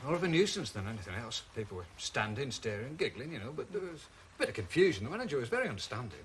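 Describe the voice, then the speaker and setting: An actor playing an easygoing police constable who asks questions in a polite, brisk way, in a television police drama. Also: male voice, medium pitch, big pitch swings, a little hiss or hum, natural voice.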